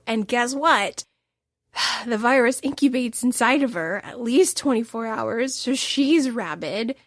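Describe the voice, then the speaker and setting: A woman's voice: a little high, fairly bright tone, no echo, clean studio sound. A woman hosting a solo book podcast, telling the story with emotional, emphatic bursts. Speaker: podcast host.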